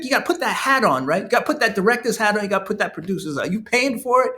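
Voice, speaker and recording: A man, an author, talking casually and enthusiastically to camera, often checking in with "right?" and "you know". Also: fairly high pitch. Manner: enthusiastic, animated emphasis.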